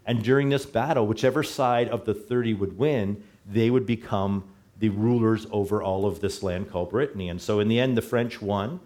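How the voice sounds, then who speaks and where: A middle-aged man gives a sermon in a church sanctuary. His voice sits slightly low, and his delivery is casual and conversational. He often stops to correct his own wording. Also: normal speed, a little mellow. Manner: conversational, self-correcting, chuckles at slips. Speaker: pastor.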